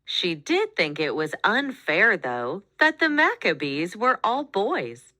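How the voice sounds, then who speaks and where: A woman reading a children's picture book aloud, with expressive, animated storytelling. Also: medium pitch, takes it slowly, no room sound, studio quality. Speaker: storybook reader.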